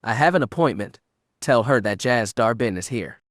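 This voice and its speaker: A man's voice: mid-range voice, expressive, moderate pace, fairly bright tone, no echo, natural voice. Terse jedi guy, coldly polite as a man voices him, dry close mic. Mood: cool. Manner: clipped, cold politeness. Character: cool-headed male Jedi, terse and guarded.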